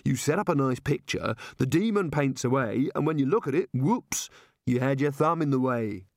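A man's voice: mid-range voice, expressive, normal speed, a little mellow, dry recording, clean studio sound, lightly acted. A man voicing a nervous, weary male wizard who grumbles and rambles.

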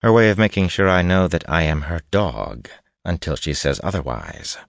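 A man's voice: low voice, fairly even intonation, moderate pace, no echo, studio quality, pitched above the performer's own voice, lightly acted. Man voicing a cool, curt sorceress maid. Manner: curt and cool, level delivery. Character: cold, haughty woman magic-user held as a maid.

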